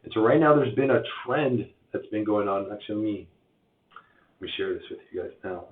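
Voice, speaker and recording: A man with a hoarse voice from losing it, giving a chatty live-stream update on mortgage rates, full of uhs and restarts. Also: fairly low pitch, expressive, a little fast. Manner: chatty, filler-heavy, many uhs and restarts. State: hoarse, lost voice. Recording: tinny phone-like sound in an echoey room.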